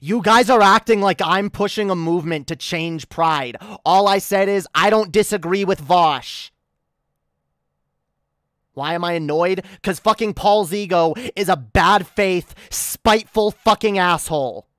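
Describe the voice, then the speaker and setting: Speaking unhurriedly in a lowish register, this woman is heard in studio-quality audio without echo. Annoyed and cursing a lot, she rants furiously on a livestream, repeatedly stammering and beginning her sentences again.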